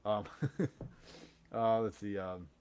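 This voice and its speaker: A man's voice: lowish voice, flat delivery, very slow, darkish tone, clean tone. A young man hosting a comics livestream, rambling in casual chat with lots of fillers, slang and laughs.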